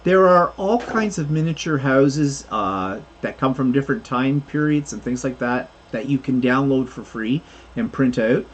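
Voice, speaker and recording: A man's voice: mid-range voice, lively intonation, moderate pace, lo-fi sound, slight background noise. A man co-hosting a casual crafting livestream, rambling through explanations of his 3D printing projects with plenty of fillers.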